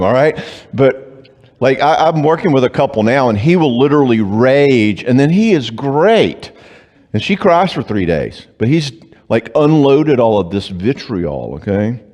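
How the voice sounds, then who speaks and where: A man speaks at a church conference. His pitch swings widely as he acts out stories with humor. A long reverb rings around him from the church hall. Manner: animated, acts out quoted dialogue with humor. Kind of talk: live conference talk with storytelling. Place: church before a live audience.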